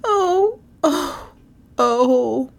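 A woman voicing a frazzled, hot-tempered young woman who shouts and complains in a shrill voice. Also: sing-song, slow pace, full character voice. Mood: panicked.

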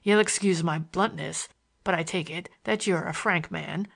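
A woman voicing a sly, grinning man with a broad Western American drawl, pitched lower than her own voice, in a storybook reading. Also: moderate pace, gravelly. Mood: mocking drawl.

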